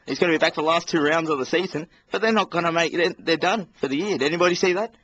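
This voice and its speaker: Exasperated and rambling, an Australian man co-hosting a laid-back sports podcast rants and talks over others. He speaks in a racing, fairly high voice that's a bit bright with a breathy edge, in lo-fi sound with faint background noise.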